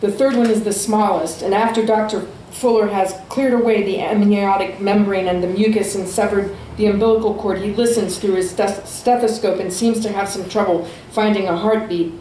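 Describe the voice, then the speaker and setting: A woman reading her own fiction aloud at a small venue, with steady, expressive storytelling. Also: medium pitch, normal speed, hardly any pauses, roomy sound, a little hiss or hum, rough recording. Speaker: author.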